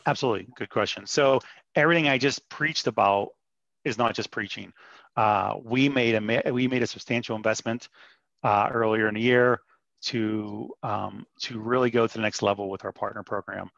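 A man's voice: lowish voice, steady tone, normal speed, vocal fry, fairly bright tone, no room sound. A man presenting as a vendor in a webinar, upbeat and persuasive with frequent restarts. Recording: dull muffled dry audio.

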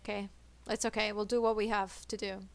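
A woman streaming a co-op game, chattering nervously and excitedly as she plays. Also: mid-range voice, normal speed, vocal fry. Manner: excitable, nervous, switches between English and Italian. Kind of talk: live gameplay chatter.

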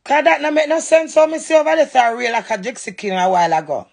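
Raspy high-voiced Jamaican woman ranting. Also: steady tone, fast talker. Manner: cussing, confrontational, scolding. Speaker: social media livestreamer. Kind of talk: heated livestream rant.

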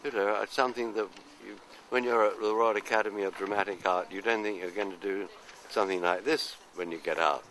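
An older man from London, telling anecdotes and answering interview questions in an unhurried, rambling way. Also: lowish voice, steady tone, fairly bright tone, slight background noise, poor audio. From London, England. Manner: anecdotal, unhurried, trailing off into asides. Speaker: actor being interviewed. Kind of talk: casual interview chat.

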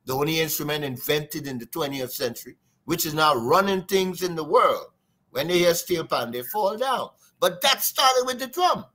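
Trinidadian drummer, male, bright lively delivery, wide pitch swings, sing-song storyteller. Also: normal speed. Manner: lively, sing-song, imitates drum sounds. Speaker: guest drummer. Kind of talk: animated storytelling interview.

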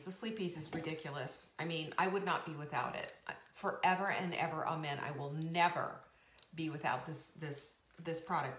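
The host of a live cooking and wellness show, a woman in her fifties, speaks at medium pitch in a fairly bright tone. Her casual live-stream chatter is bubbly and rambling, full of laughs and emphatic repeats, with a roomy echo behind it.

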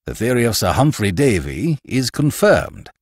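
A man's voice: medium pitch, big pitch swings, normal speed, no room sound, clean studio sound. A man voicing a self-assured older professor who explains matters to his nephew. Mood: confident. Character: confident older male professor, lecturing uncle.

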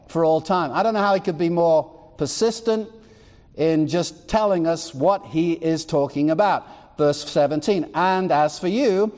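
A man's voice: high-pitched, a little mellow, in a large hall. A man preaching a sermon as pastor, reading scripture aloud and firing rhetorical questions at the congregation. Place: church.

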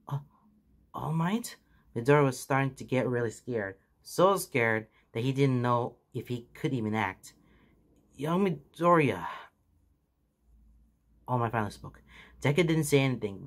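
A man's voice: mid-range voice, a little fast. Man reading fan fiction aloud.

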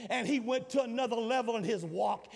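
High-voiced preacher in his sixties, shouting. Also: a little fast, creaky. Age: 60s. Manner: preaching with rising shouts and dramatic repetition. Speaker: pastor. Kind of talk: sermon. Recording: long hall reverb.

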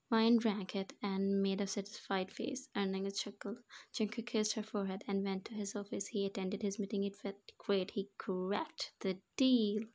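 A woman reads fan fiction aloud in a mid-pitched, nearly monotone voice. Her delivery is even and steady, with the odd stumble over a word. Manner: even, monotone reading with small slips.

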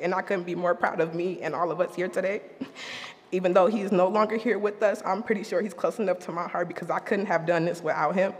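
A young woman, a graduating student, reading her graduation speech in a casual, emotional way with many pauses and ums. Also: lowish voice, fairly even intonation. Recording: reverberant hall with faint noise.

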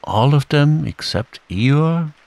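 A man's voice: on the high side, animated, slow pace, creaky, darkish tone, no room sound, voice pushed up, heavily acted. A man voicing a gloomy, self-pitying old male donkey in a mournful, dry way.

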